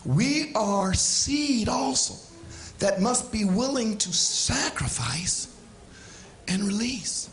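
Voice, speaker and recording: A man preaching a sermon with passion, swinging from shouts down to quiet asides. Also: high voice, expressive, slow, reverberant. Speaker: pastor. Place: church sanctuary.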